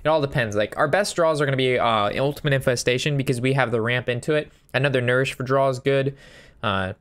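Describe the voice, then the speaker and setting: A man's voice: mid-range voice, fast, fairly bright tone. A man giving casual gameplay commentary, thinking through his moves aloud and sometimes breaking into a sweary rant. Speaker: game streamer.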